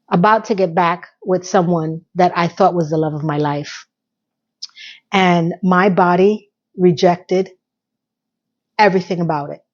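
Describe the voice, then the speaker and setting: A middle-aged woman chatting through a TV episode recap, an animated storyteller full of emphatic asides. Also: fairly low pitch, dull audio. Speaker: TV recap vlogger.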